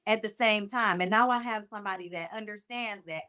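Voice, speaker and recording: A woman's voice: mid-range voice, fairly quick, bright, forceful tone, clean tone. A young adult woman co-hosting a podcast, telling stories bluntly with swearing and quoted dialogue. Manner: blunt, sassy storyteller, swears, quotes others. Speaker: podcast co-host. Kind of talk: casual conversation.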